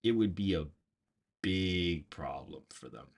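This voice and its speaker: In a slow, low voice with lively intonation, a political show host tells a rambling story on his livestream, restarting again and again. He's speaking casually from his bedroom.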